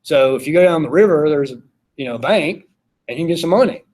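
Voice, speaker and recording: A man's voice: on the high side, lively intonation, fast, a little mellow. A man teaching a philosophy class, talking casually and putting questions to the students. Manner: conversational, asks the class questions. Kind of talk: classroom lecture.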